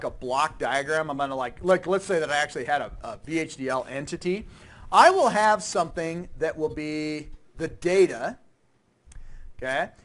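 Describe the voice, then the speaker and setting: Lively high-voiced male lecturer. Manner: lively, keeps checking in with "okay?" and quizzing students. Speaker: university lecturer. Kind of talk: classroom lecture. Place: lecture room with students.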